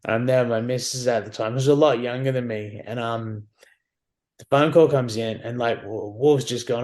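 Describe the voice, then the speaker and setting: Aussie guy on a podcast telling war and movie stories, lively, acts out the dialogue. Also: medium pitch, moderate pace. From Australia. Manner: animated, swears casually, acts out dialogue. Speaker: podcast guest. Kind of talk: casual storytelling.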